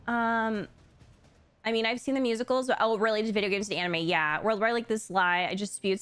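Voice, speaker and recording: A young woman from Florida, a streamer, chatting with live viewers in a bubbly, gushing way with excited gasps. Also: medium pitch, brisk, clear, resonant tone. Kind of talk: casual chat with live viewers. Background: faint game music.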